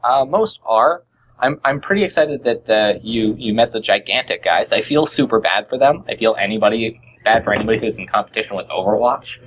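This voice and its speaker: A man's voice: on the low side, lively intonation, fairly quick, slight background noise, rough recording. A man from Boston chatting casually on a podcast, telling stories with lots of fillers and restarts. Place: shared office.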